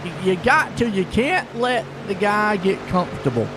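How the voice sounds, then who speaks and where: Excitable folksy man calling a sim race. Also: high voice, normal speed, music in the background. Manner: folksy, excitable play-by-play with chatty asides. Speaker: sim racing commentator. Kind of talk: live race commentary. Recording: noisy stream with car engine sound.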